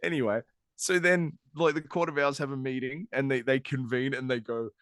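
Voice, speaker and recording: A man's voice: medium pitch, fairly even intonation, moderate pace, fairly bright tone, no room sound, clean studio sound. Sarcastic laughing podcast guy. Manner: laughing, sarcastic retelling with mocking put-on quotes. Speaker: podcast co-host. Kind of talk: casual chat.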